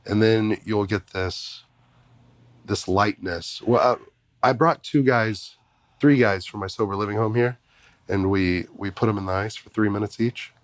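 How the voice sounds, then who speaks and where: Man, podcast guest, low voice, dry close sound, animated storytelling. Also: measured pace, no room sound. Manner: animated storyteller, laughs often. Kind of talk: casual conversation.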